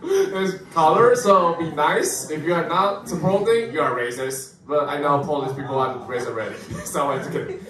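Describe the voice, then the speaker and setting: A man hosting a comedy show, introducing the next act, laughing and halting as he stumbles over a name. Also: mid-range voice. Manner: laughing, unsure, slow and halting. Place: comedy club stage. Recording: echoey room, far mic, crowd noise.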